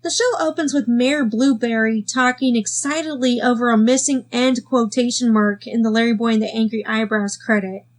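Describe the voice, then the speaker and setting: A woman's voice: on the high side, steady tone, normal speed, few pauses. A woman giving a sarcastic review of a cartoon episode, full of wry asides, with faint music behind. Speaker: video reviewer.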